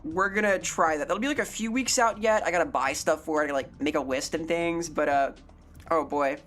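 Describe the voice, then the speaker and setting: A young woman variety streamer hosts a live stream in a voice on the lower side for a woman, talking fairly quickly. She rambles and jokes in a playful, off-the-cuff way, reading out chat as she goes, while soft music plays faintly behind her.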